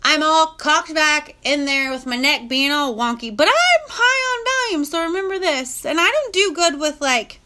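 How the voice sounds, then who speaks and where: Bright, lively woman chatting on a live stream. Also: high-pitched, normal speed, few pauses. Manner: chatty, greets viewers mid-story; informal, a little crude. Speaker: vlogger telling a personal story. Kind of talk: casual live-stream chat.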